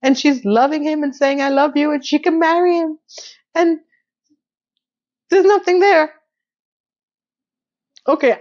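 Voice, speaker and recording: A woman retells a TV episode in a casual, animated way, playing out the scenes as she goes. Her voice sits a little high. The sound is slightly dull and lo-fi. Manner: animated storytelling, breaks into laughter. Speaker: recap host. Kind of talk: casual TV recap commentary.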